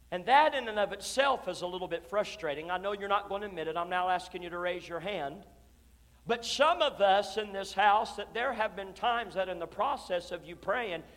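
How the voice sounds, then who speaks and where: A pastor preaching an impassioned sermon in a church, moving from hushed, drawn-out lines to shouted declarations. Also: male voice, high-pitched. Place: church sanctuary. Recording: long reverb of a church hall.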